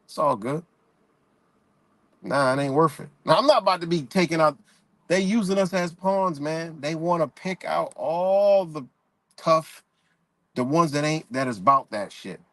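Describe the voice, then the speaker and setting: Man, livestream host, blunt profane rant, slightly high voice, dry close sound. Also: expressive, moderate pace, fairly bright tone, dry recording. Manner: blunt, profane street talk, talks to chat viewers. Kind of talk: casual live-stream rant.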